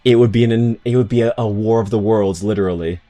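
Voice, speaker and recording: A man with a lowish voice rambling casually while he streams a game. He talks in slang, swears freely, and keeps laughing at himself. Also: quick pace, mellow, soft background music. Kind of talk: casual gaming commentary.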